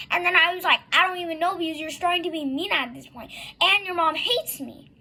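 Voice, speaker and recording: A woman's voice: very high-pitched, fairly quick, pushed and bright. A young girl telling a long story in a casual vlog, rambling with many fillers and acting out what she and a friend said. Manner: rambling, many fillers and likes, acts out quoted dialogue.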